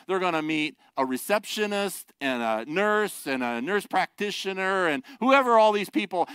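A man's voice: high voice, fairly bright tone, clear, resonant tone, dry recording. A middle-aged man preaching a sermon, a pastor who talks conversationally and jokes with the congregation. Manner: conversational, joking asides to the congregation.

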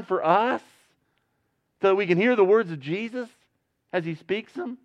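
A man preaching a sermon in a conversational style, breaking into loud emphatic bursts and chatty asides. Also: high voice, moderate pace, long pauses, highs cut off. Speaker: pastor.

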